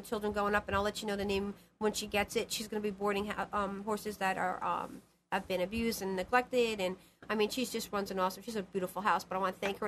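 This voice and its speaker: A woman's voice: mid-range voice, fairly bright tone, a little hiss or hum. A woman hosting a live call-in show as a psychic medium, talking in a rambling, emphatic way and repeating herself. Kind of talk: casual live call-in chat.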